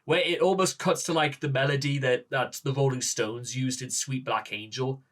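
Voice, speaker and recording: A man with a Northern English accent hosting a music reaction video, gushing and halting, with many restarts and rhetorical questions. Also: medium pitch, steady tone, fairly bright tone. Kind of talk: excited reaction talk to camera.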